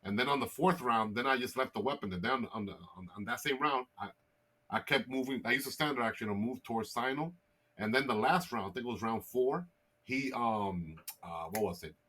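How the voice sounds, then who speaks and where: Husky man explaining game moves. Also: mid-range voice, fairly quick, pushed and bright. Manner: explains rules in long run-on turns. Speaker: player. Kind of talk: casual tabletop game chat.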